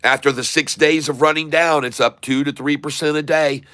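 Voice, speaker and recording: A man streaming live day trading, narrating his buys and prices as he goes and spelling out tickers slowly. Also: on the high side, steady tone, fairly bright tone, clear, resonant tone, no echo. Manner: running commentary, repeating tickers slowly.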